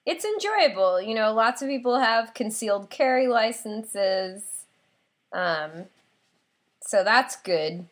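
A woman's voice: fairly high pitch, takes it slowly. A woman co-hosting a podcast, chatting casually and telling stories with plenty of laughter. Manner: animated storyteller, laughs often. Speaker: podcast co-host. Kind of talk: casual chat.

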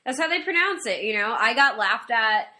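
Lively, bright-voiced woman telling stories. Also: a little high. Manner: animated storyteller, quick to act out others. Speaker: podcast co-host. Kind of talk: casual chat.

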